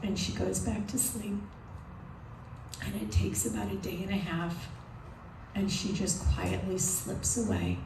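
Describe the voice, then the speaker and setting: A woman tells a personal story live on stage, slow and deliberate, with real emotion behind it. Her voice sits at a middle pitch. It is caught from a distance in a roomy venue, with clear noise from the room. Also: steady tone. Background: audience noise.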